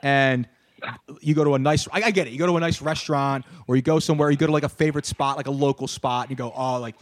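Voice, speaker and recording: A young man, co-hosting a podcast and ranting animatedly, swearing and shouting his punchlines. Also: mid-range voice, steady tone, quick pace, no room sound. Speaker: podcast co-host. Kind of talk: casual ranting chat.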